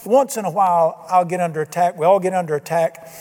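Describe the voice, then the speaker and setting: High-voiced older preacher in reverberant hall. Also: male voice, steady tone, fast, darkish tone. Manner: folksy, emphatic preaching with humor. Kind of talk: sermon.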